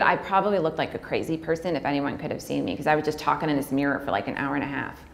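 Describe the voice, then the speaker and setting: A woman speaks at a mid pitch for a woman, telling her own story in a candid and heartfelt way. She uses casual fillers and sometimes speeds up to act out bits of conversation. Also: creaky, a little mellow. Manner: acts out dialogue in quick bursts. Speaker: speaker on pregnancy loss. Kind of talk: personal storytelling talk.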